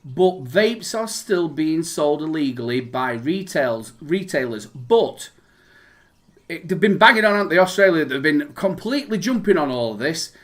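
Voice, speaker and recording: Northern English man, casual chat, halting delivery, reads news out, fairly high pitch. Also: very animated, fairly bright tone. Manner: rambling, many restarts and fillers, reads news aloud. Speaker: podcast co-host.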